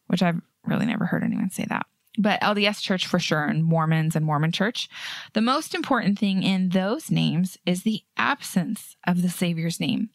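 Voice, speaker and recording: A woman hosting a podcast who talks earnestly and chattily, her voice sitting on the lower side. The sound is dry and close, with no room around it. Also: moderate pace, no room sound. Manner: earnest, chatty, with light laughs. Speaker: podcast host. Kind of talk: casual faith podcast chat.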